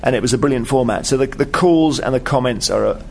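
A man's voice: mid-range voice, fast, creaky, a little hiss or hum. A man who is a radio presenter and author, telling stories as a guest in a chatty, amused way. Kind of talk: anecdotal storytelling in interview.

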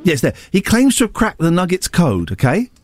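A man's voice: high voice, a little fast, faint music behind. A man hosting a morning radio show, teasing his co-hosts in playful banter. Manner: teasing, lively, breaks into sung snippets.

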